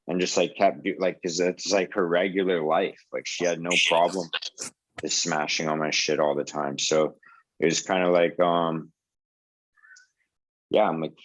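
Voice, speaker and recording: A man's voice: low voice, steady tone, moderate pace, a bit bright, no echo, poor audio. A man in his twenties telling a story over a video call in a casual, rambling way, full of swearing and filler words. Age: 20s. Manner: rambling, profane, lots of "like" and "dude". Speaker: support group host.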